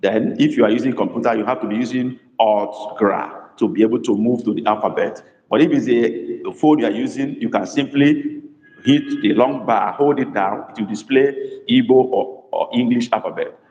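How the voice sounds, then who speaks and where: A man teaching a live online language class, dictating phrases slowly and repeating them, praising students by name. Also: mid-range voice, a little mellow, highs cut off. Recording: echoey room with long reverb.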